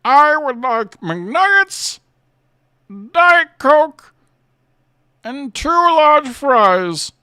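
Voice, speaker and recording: A man doing an impression of a hulking masked male villain, speaking in a slow, theatrical cadence that swoops up and down. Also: extremely high pitch, very animated, pushed and bright, no echo, clean studio sound, voice pushed up, full character voice. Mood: mock-grave.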